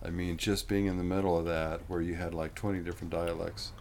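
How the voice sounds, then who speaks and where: A man's voice: low voice, flat delivery, fast talker, a little mellow, slight background noise. A man in casual conversation, rambling in a folksy way and often saying "man".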